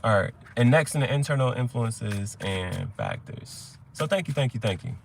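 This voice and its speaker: A man's voice: medium pitch, lively intonation, moderate pace, creaky, a little hiss or hum. A young adult man hosting a tarot reading chat, talking in a rambling, profane way and telling stories with quoted voices. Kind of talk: casual livestream chat.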